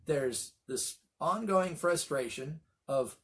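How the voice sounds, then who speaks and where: A middle-aged man leading a Bible study, telling the story with animated voices for the quoted lines. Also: a little high, measured pace. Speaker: pastor.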